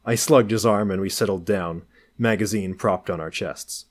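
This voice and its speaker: A man narrating a novel in an even, understated way. His voice sits on the low side, and he keeps his delivery dry and unhurried. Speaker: audiobook reader. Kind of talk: novel reading.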